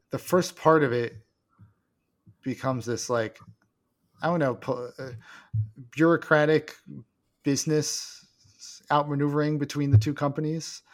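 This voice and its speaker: A man in casual movie chat who recaps a plot haltingly and laughs often. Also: fairly high pitch.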